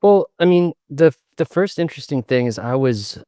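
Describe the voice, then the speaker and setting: A man's voice: on the high side, lively intonation, moderate pace, mellow, no echo, clean studio sound. A man from the United States, a sales consultant, speaking as a guest on a video call podcast in a rambling, jokey way. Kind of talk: interview conversation.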